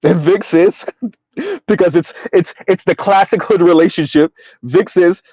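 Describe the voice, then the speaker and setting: A man's voice: high-pitched, measured pace, darkish tone, slightly rough, no echo. Laughing man on a dull, dry mic. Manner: laughing, reads viewer comments aloud. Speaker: commentary channel host. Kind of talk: casual live-stream commentary.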